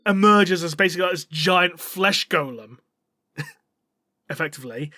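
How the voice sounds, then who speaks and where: Male podcast co-host, high voice, rambling recap, dry close sound. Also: animated, normal speed, bright, forceful tone, no room sound. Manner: rambling, swears, acts out characters' lines. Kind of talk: casual story recap.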